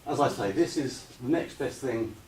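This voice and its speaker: A man giving a slide presentation to an audience, hesitant with many ums, relaxed and gently humorous. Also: mid-range voice, moderate pace. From United Kingdom. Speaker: lecturer. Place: retreat lecture room with audience. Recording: roomy echo, distant mic, faint hiss.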